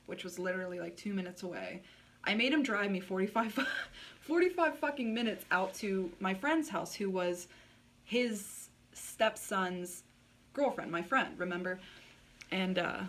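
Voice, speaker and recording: A woman's voice: medium pitch, fairly bright tone, far from the mic. A woman vlogger telling a personal story in a blunt, candid way, swearing freely and saying "like" a lot. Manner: blunt and frank, swears freely, many filler likes.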